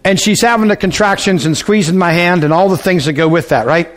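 A middle-aged man preaching, telling a comic personal story in an animated, folksy way. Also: high-pitched, a little fast. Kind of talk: humorous sermon storytelling.

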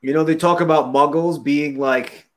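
A man's voice: fairly high pitch, steady tone, moderate pace, slight background noise. Slangy, easygoing young man hosting. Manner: laid-back, slangy, laughs often. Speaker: podcast host. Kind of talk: casual chat.

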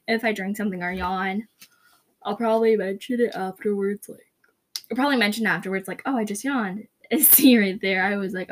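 A young woman hosting her first podcast, rambling and self-conscious, with a faint hiss in the background. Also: medium pitch. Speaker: podcast host. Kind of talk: casual podcast outro.

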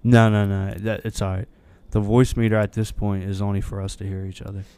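Chill young guy on a podcast mic, lowish smooth voice, rambles through a story with lots of ums. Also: level tone, fairly quick, mellow, dry recording. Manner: rambling, laid-back anecdote with many fillers. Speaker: podcast co-host. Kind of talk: casual storytelling chat.

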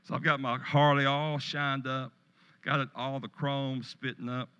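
A man's voice: mid-range voice, flat delivery, measured pace, fairly bright tone, clear, resonant tone. Middle aged guy preaching, telling a funny story to his church, bit dull muffled sound. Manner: storytelling, joking with the congregation. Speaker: pastor. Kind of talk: sermon. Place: church sanctuary.

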